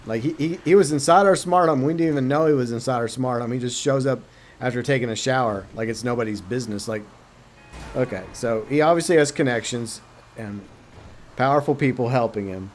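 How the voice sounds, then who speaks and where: A man hosting a game stream, chatting and speculating about the story in a thoughtful, halting way. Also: mid-range voice, a little hiss or hum. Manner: thoughtful, speculating, many restarts. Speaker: streamer host. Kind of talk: casual gaming chat.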